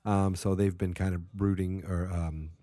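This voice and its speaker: A man with a low, mellow voice talks through a casual podcast, rambling and tired, dropping sarcastic, self-mocking asides. The sound is close and dry, with no room around it. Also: fairly even intonation, moderate pace, dry recording. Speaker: podcast host.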